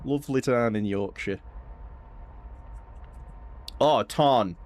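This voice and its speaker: A young man chatting casually and swearing freely while streaming a game. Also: takes it slowly. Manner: chatty, swears casually, animated jumps in pitch. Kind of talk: casual gaming stream chat.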